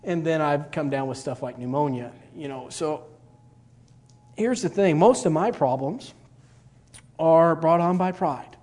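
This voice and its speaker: A man's voice: a little high, measured pace, pauses often, a little mellow. A middle-aged man, telling a rambling personal story in a sermon, full of fillers. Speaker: preacher.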